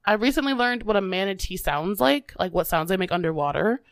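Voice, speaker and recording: A young woman from the Midwest co-hosting a podcast, trading quick jokes and giggling through casual banter. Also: medium pitch, animated, dry recording. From American Midwest. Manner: playful, jokey, giggly banter. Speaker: podcast co-host. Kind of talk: casual chat.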